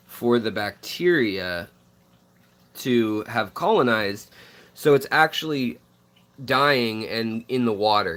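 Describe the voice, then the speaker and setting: A man hosting a casual home vlog, showing his aquariums indoors, talking in a relaxed, rambling way with lots of fillers and restarts, keen on his fish. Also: medium pitch. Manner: enthusiastic about the fish. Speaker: fishkeeping channel host. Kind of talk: casual vlog tank tour.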